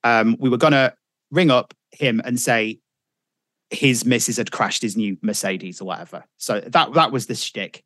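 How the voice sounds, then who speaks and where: A man's voice: mid-range voice, moderate pace, no room sound, clean studio sound. A middle-aged man, a radio presenter telling stories in casual chat, swearing freely. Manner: animated storyteller, swears freely.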